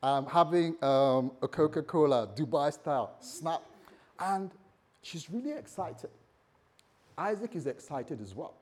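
Male pastor, sermon, casual jokey delivery, slightly higher voice, laughs at himself. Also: animated, unhurried, a little mellow, husky.

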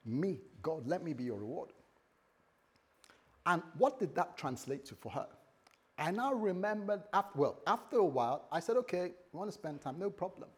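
A man preaching a sermon, telling a story and acting out both sides of a conversation, dropping to a hush and then rising loud. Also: fairly high pitch, very animated, moderate pace, breathy edge. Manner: storytelling, acts out dialogue, swings from hushed to loud. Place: church hall with a congregation. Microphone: recorded for the church website.

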